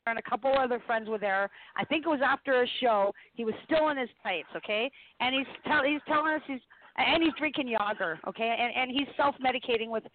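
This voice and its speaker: A woman co-hosting a casual radio chat, giggly and telling stories with lots of restarts. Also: fairly high pitch. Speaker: co-host. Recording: tinny phone-line audio with hiss.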